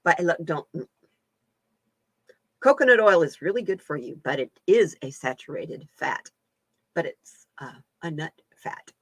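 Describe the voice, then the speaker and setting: A woman's voice: sits low, big pitch swings, measured pace, long pauses, dry recording. A woman hosting a casual live-stream chat as a card reader, folksy and laughing often.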